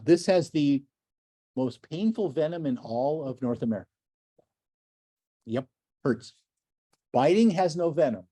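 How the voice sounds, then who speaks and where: An older man giving a lively, enthusiastic slide lecture to a club, full of chatty asides and gushing praise. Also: mid-range voice, breathy edge, no echo, studio quality. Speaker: naturalist lecturer.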